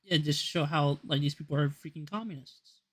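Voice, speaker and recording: A man with a notably high voice talks over a video in a loose, casual way. He rambles, trails off and restarts his sentences, filling gaps with uhs and likes. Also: fairly quick, fairly bright tone. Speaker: commentator.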